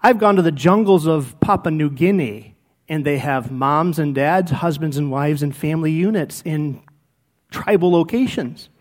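A man's voice: a little high, normal speed. A middle-aged male pastor preaching a sermon, telling personal stories and acting out what people said. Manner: animated storytelling, acts out quoted speech.

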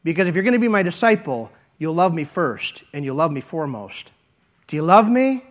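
A gentle, quietly insistent teacher voiced by a preacher who repeats his questions softly. The voice dips low and then lifts again. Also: sing-song, brisk. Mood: tender. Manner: soft, lowered, repeated questions.

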